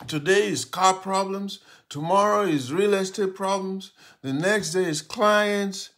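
Preacher doing a self-pitying church lady, high and whiny, slow and halting. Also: a bit bright. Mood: whining. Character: weary complaining churchgoer woman.

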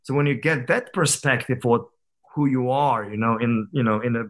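A man's voice: mid-range voice, moderate pace, a bit bright. Candid, rambling male podcast guest. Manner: candid, reflective storytelling with frequent fillers and restarts. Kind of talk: casual conversational interview.

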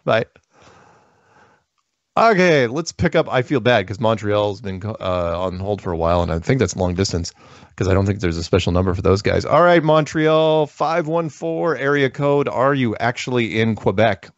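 Low gravelly joking male host. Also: expressive, normal speed, dry recording, muffled recording. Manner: joking, rambling, laughs often. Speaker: call-in show host. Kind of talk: casual call-in chat.

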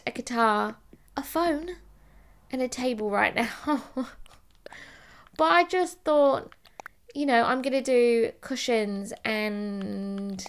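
A woman's voice: a little high, smooth. A woman giving rambling, chatty, self-deprecating commentary while playing a video game. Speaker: let's play host. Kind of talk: casual gameplay commentary.

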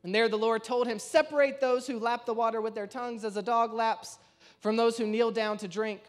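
Animated high-voiced male preacher. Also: fairly quick, soft background music. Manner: animated storytelling, acts out quoted voices with shifts in pitch and loudness. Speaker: pastor. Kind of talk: sermon.

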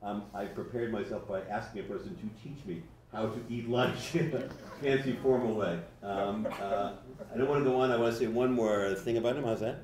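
A man's voice: on the low side, fairly even intonation, a little fast, a little mellow. A man delivers a memorial tribute, rambling and hesitant, stopping often on fillers. His voice comes from a distance in a very echoey hall. Faint ambient noise sits behind him. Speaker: memorial speaker. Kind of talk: personal tribute speech.

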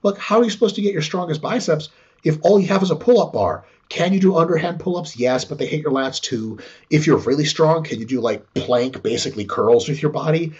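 Man guest on a podcast, lively pitch swings, husky tone, profane and playful, dull lo-fi sound. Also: fairly quick. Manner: profane, acts out little dialogues. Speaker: podcast guest, sport scientist. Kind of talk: animated podcast conversation.

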